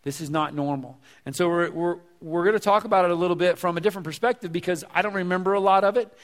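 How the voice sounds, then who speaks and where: A man's voice: high voice, steady tone, very fast. A man preaching a sermon as pastor, talking conversationally, repeating words as he goes and asking the congregation questions. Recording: long hall reverb.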